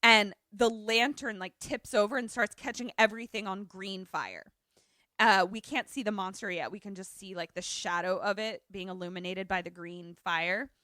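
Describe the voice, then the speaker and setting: A bright, sharp-toned young woman tells a movie story over a close, dry podcast mic. She is an animated storyteller who keeps slipping into quick voices for the characters. Her talk is casual and full of fillers. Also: mid-range voice, no room sound. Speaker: podcast co-host. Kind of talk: casual chat retelling a film plot.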